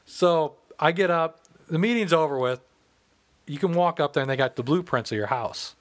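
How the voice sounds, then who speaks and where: A man's voice: fairly high pitch, animated, moderate pace. A man in his thirties from the Midwest, telling a profane story in casual chat and acting out the people in it. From American Midwest. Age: 30s.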